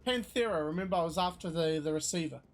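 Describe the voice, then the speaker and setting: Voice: medium pitch, quick pace, faint music behind. Swearing streamer with the hiccups. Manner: swears often and laughs a lot. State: has the hiccups. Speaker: streamer playing an online game. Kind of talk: casual gaming chat.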